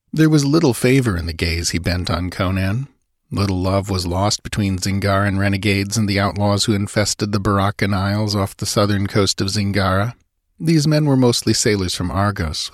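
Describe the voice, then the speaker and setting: A man narrating an adventure story as an audiobook, measured and dramatic. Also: on the low side, no room sound, clean studio sound.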